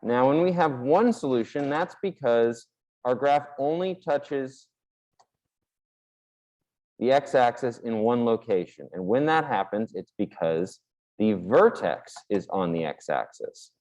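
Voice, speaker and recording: A man's voice: medium pitch, animated, slow pace, a little mellow, low-quality recording. A man teaching a math lesson in a casual, explanatory way while drawing on a board, with the odd filler. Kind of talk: classroom lecture at a board.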